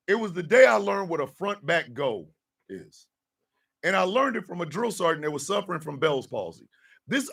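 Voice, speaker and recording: A middle-aged man, hosting a morning radio show and telling profane, animated stories with shouted impressions. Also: high-pitched, vocal fry, slightly rough, recorded from a distance. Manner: animated storyteller, profane, mimics drill sergeants.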